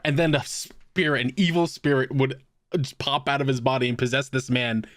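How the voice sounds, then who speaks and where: A man co-hosting a casual podcast, cracking jokes and pitching character ideas. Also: moderate pace, no room sound. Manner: animated, joking storyteller. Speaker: podcast co-host. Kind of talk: casual chat.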